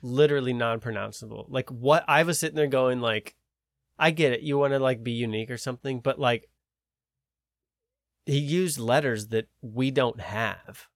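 A man's voice: mid-range voice, normal speed, dry recording, studio quality. A man co-hosting a podcast, rambling and searching for words in casual chat. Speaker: podcast co-host.

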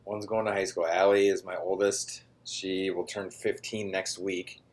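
A man in his forties co-hosting a podcast in casual chat, easygoing and quick to agree. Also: sits low, flat delivery. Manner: easygoing, agrees a lot with short yeps. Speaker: podcast co-host.

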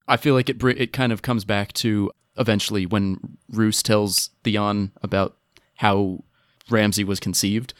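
Low-voiced man on a dry mic. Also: a little slow, dry recording. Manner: laughing, animated retelling. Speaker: podcast guest. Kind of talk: casual podcast chat.

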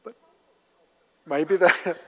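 A man's voice: on the high side, steady tone, drawn-out words. A man teaching a conversational Bible lesson, casual and asking the class rhetorical questions. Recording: long reverb of a large hall.

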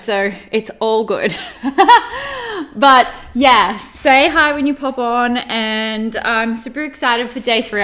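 Gushing woman, slow and high. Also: a bit bright. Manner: gushing, effusive, heavy on fillers and exclamations. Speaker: podcast host and mindset coach. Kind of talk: bubbly live-stream chat to viewers. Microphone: camera mics on a live stream.

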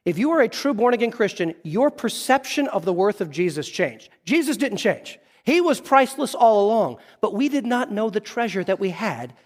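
Guy preaching in a church, kinda high voice, lots of restarts, big hall echo. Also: sing-song, moderate pace, hardly any pauses. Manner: storytelling, earnest, with frequent restarts. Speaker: pastor. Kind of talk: sermon. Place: church sanctuary.

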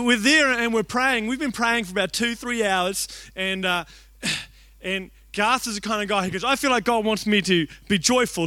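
A young man preaches in a high, bright voice. He tells a story with excitable energy and shouts out the lines he quotes. The sound is close and dry. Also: no room sound. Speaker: youth pastor. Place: church hall.

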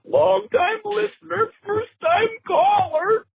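Heckling traffic cone, shrill shouted falsetto, slow and stretched. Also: male voice, creaky, a loud crowd, exaggerated voice. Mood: shrieking, gleeful. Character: screeching traffic cone, yelling male sports heckler. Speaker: caller on voicemail.

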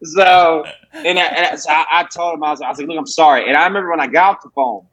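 A man's voice: fairly high pitch, steady tone, quick pace, bright, forceful tone, rough recording. Brash profane man. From Alabama. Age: 20s. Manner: profane, brash, rambling with restarts. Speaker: comedian guest. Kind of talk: casual podcast storytelling.

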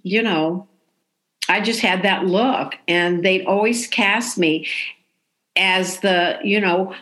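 Older woman telling a lively anecdote. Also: mid-range voice, slow pace. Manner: animated, acts out the people she quotes. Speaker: guest telling a story. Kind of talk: casual storytelling.

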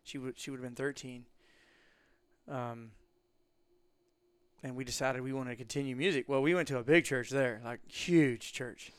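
Guy rambling through a story, animated, pretty clear voice, dry room. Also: normal speed, pauses often, no room sound. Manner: animated, acts out quotes with big jumps in pitch. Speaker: guest. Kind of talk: casual storytelling.

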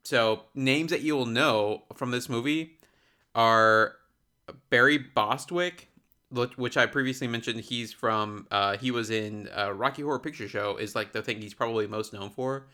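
A slightly tipsy man hosts a casual podcast, rambling sarcastically through a bad movie and laughing often. His mid-range voice has a sharp tone and moves at a moderate pace.

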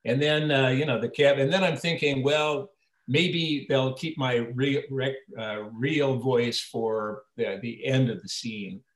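Older man, casual guest storyteller, full of restarts and acted quotes, mid-pitched voice in an echoey room. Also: measured pace. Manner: rambling anecdotes with many restarts, acting out quoted lines. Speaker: actor interviewed as guest. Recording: roomy echo.

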